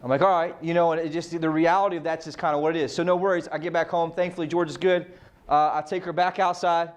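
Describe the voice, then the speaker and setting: A man's voice: on the high side, level tone, fast. A man coaching a real estate team in a casual motivational talk, firing off rhetorical questions and swearing freely.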